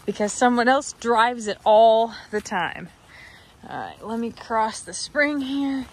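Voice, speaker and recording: A woman's voice: on the high side, lively intonation, slow, a little hiss or hum. A woman vlogging outdoors on a farm, chatting casually and cooing at her goats, with frequent laughter. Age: adult, working a day job. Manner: coos and baby-talks to goats, laughing often. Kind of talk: casual vlog narration.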